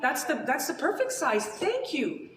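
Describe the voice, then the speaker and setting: A fretful village washerman from a spoken folk tale, complaining and exclaiming with a flustered stammer, voiced by a woman storyteller. The voice is fairly high and sounds distant, with a roomy echo around it. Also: sing-song, unhurried, slight background noise. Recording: roomy hall recording from a distance.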